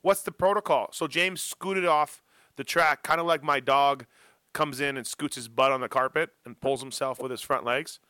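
Middle-aged guy hosting, bright tone, very dry mic, jokey and lively. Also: mid-range voice, moderate pace, no echo. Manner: animated storyteller with self-mocking jokes. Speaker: podcast host. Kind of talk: casual chat.

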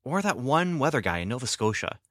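A man's voice: medium pitch, sing-song, brisk, fairly bright tone, no echo, clean studio sound, pitched above the performer's own voice. A man voicing a boastful, wry ancient male demigod in a story reading, talking in a sardonic, grumbling way.

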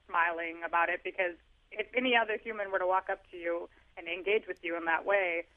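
In a casual phone interview about parenting, the author speaks a little fast in a high, steady voice. His funny, self-deprecating stories come through a tinny telephone line.

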